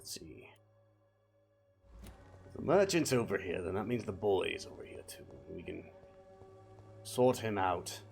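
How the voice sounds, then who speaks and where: Playful man with a gravelly voice. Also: low-pitched, normal speed, darkish tone, faint music behind. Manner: playful, theatrical, mutters to himself, puts on a British accent. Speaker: streamer playing a game. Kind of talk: live gameplay commentary.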